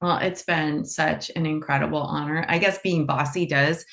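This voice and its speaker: A woman's voice: low-pitched, fairly even intonation, moderate pace, gravelly, fairly bright tone. A woman co-hosting an online event over a video call, effusive and laughing as she thanks everyone. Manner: effusive, laughing, playfully self-mocking. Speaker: nonprofit co-founder and event host. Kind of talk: online event closing remarks.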